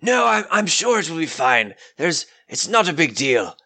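A man's voice: fairly high pitch, sing-song, moderate pace, sharp tone, voice pushed up, exaggerated voice. A man voicing a polite, fretful aging nobleman who speaks formally. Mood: fussy. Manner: formal, courteous and fussy.

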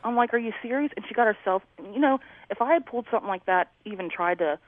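A woman's voice: mid-range voice, lively intonation, quick pace, no room sound. A woman calling in, animatedly telling a story and acting out her neighbors' lines. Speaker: caller. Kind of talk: casual storytelling on a call. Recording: tinny phone line.

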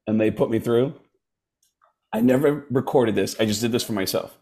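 Man telling a lively comedy story. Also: medium pitch, normal speed. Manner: animated storyteller who slips into voices. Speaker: comedian guest. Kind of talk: casual storytelling.

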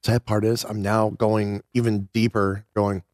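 A man's voice: lowish voice, level tone, measured pace, a little mellow, no room sound, studio quality. A man co-hosting a podcast, chatting casually, rambling and breaking off with laughs. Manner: rambling, self-interrupting, laughs while talking. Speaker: podcast co-host. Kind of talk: casual chat.

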